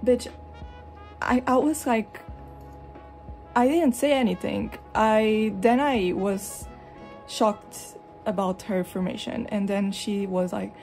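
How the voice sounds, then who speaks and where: A young woman from Europe chatting casually at home while showing her collection, rambling and expressive, slipping into animated retellings. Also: medium pitch, slow, faint music behind. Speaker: vlogger. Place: hot room at home with a fan running.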